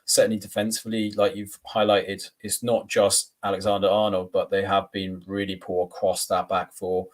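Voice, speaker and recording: A man co-hosting a podcast, giving measured views on football and citing stats. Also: low voice, monotone. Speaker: podcast co-host. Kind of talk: casual football chat.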